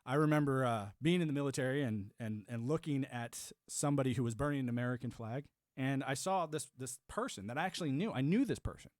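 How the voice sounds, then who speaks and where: A man's voice: medium pitch, fast talker, hardly any pauses, a little mellow, no room sound, clean studio sound. A man in his thirties hosting a livestream, chatting casually and rambling with restarts while answering chat. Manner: rambling, restarts, laughs to himself. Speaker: livestream host.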